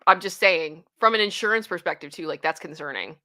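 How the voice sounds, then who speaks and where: A woman's voice: on the low side, a little fast. A woman casually reading stories aloud and reacting to them with outbursts of disbelief. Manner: animated, reads quotes aloud with outbursts of disbelief and laughter. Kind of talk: casual commentary.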